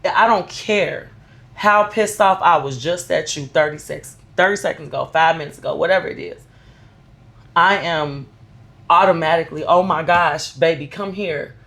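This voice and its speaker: A woman's voice: deep voice, normal speed, creaky, a bit bright. A woman co-hosting a podcast, talking candidly and emphatically about motherhood in casual chat. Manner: emphatic, candid, personal storytelling. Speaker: podcast co-host.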